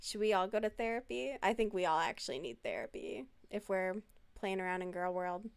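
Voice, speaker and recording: Smooth-voiced woman chatting on a stream. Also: medium pitch, animated, brisk. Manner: chatty, swears freely, answers chat messages. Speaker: live streamer. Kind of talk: casual live-stream chat.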